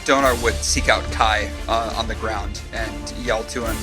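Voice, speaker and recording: A man playing a tabletop game, describing his moves in a relaxed, hesitant way with many fillers. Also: fairly low pitch, measured pace, music in the background. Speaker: player. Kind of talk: casual tabletop play.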